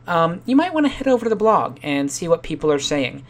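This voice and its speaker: Low-voiced woman hosting a podcast, music behind. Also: very animated, a little fast, few pauses. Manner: casual, chatty, a bit rambling. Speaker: podcast host. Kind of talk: podcast announcements and sign-off.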